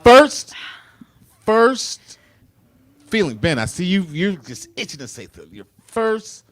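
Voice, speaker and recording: A man's voice: fairly high pitch, a little fast. A man from Chicago hosting a live comedy game show, jokey and riffing on the guests. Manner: jokey, animated, riffs and laughs at his own jokes.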